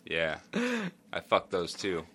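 A man's voice: sits low, flat delivery, slow, pushed and bright. A man co-hosting a podcast, joking crudely and half-singing lyrics as he picks them apart. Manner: jokey, crude, sings lyrics aloud. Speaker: podcast co-host. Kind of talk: casual comedic chat.

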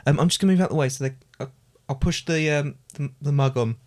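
A man's voice: fairly high pitch, fast, darkish tone. A young adult man co-hosting with his father, hesitant, with many ums and restarts. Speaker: co-host, son. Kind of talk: casual comic podcast chat.

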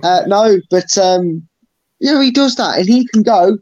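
Male co-host, raised pitch, animated and sweary, dry lo-fi mic. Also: a little slow, no echo. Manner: animated and sweary, acting out players' shouts. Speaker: podcast co-host. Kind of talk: casual football chat.

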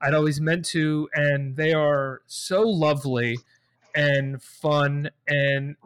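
A man's voice: a little high, fairly even intonation, takes it slowly, a bit bright, smooth. A man co-hosting a podcast, talking enthusiastically and casually about films. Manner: enthusiastic, lists titles and dates. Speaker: podcast co-host. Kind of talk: casual film discussion.

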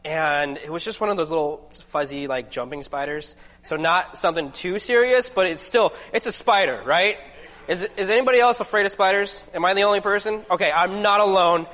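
Casual guy preaching, a bit high-voiced, jokey asides, long church reverb. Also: brisk, bright, forceful tone. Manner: chatty, self-deprecating storyteller with lots of asides. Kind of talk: casual sermon to a congregation.

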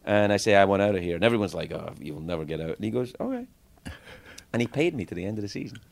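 A man's voice: fairly low pitch, very fast, creaky. A middle-aged man, a podcast guest, telling casual, profane stories and acting out the people he quotes. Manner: animated, profane anecdotes with lively acted-out quotes. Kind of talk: casual storytelling.

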